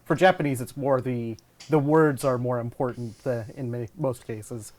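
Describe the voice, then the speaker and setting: A player in a tabletop game group, explaining things in a measured, casual way. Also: mid-range voice, steady tone, a little mellow.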